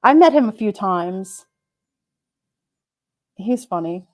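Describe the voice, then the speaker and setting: A woman's voice: medium pitch, expressive, slow pace, no room sound, highs cut off. A woman hosting a live stream, chatting casually and rambling with her viewers, often giggling.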